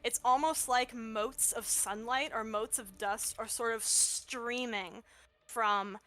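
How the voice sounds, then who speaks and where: A woman narrates as game master in a tabletop game. She is slow and unhurried, and her tone is bright with a slightly high pitch. She fills her descriptions with small pauses and ums. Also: fairly even intonation.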